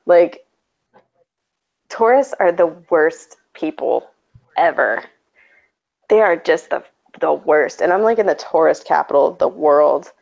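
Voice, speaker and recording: A young woman co-hosting a stream, chatting casually and telling animated stories full of "like". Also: low voice, a little slow, creaky, long pauses, lo-fi sound. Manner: animated storytelling, lots of "like", giggly. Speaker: stream co-host. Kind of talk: casual chat.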